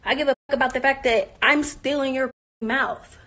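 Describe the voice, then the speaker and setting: Woman, high and bright, confrontational live-stream rant, profane and mocking, voice wearing thin. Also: fairly even intonation, moderate pace. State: losing her voice.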